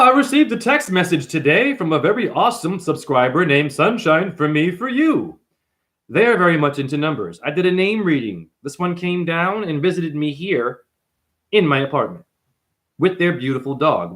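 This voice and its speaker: A man's voice: fairly high pitch, a bit bright. A man hosting a numerology video, ranting to camera in a confrontational, preachy way and calling viewers honey. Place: apartment.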